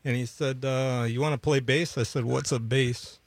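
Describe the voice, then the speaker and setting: A man from Milwaukee, a bass player guest on a radio show, telling stories with lots of fillers and laughs into a studio microphone. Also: steady tone, moderate pace, no echo. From Milwaukee, USA. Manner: chatty storyteller, laughs often, many fillers. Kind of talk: casual radio interview chat.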